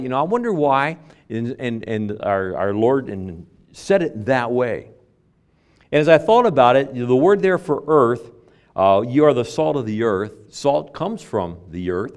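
A pastor delivers his sermon in a mid-range male voice. He moves between quieter explanation and loud, drawn-out emphasis, often repeating words as he goes. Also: mid-range voice, big pitch swings. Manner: repeats words, quotes King James scripture, builds to emphatic stresses.

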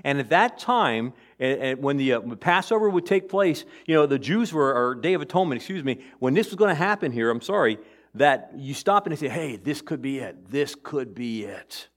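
Man preaching, loud to hushed. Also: fairly high pitch, lively intonation, a little fast. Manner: conversational preaching that swings between loud emphasis and quiet asides. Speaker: pastor. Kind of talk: sermon.

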